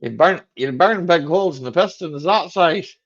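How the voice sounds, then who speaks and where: A man's voice: a little high, moderate pace, muffled recording. A man hosting a casual live chat stream, joking and laughing a lot as he answers viewers. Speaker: livestream host.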